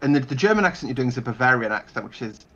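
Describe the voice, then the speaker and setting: A man's voice: medium pitch, expressive, racing, a bit bright. Rambling man on dull lo-fi audio. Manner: rambling anecdotes with many fillers and restarts. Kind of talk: casual storytelling chat.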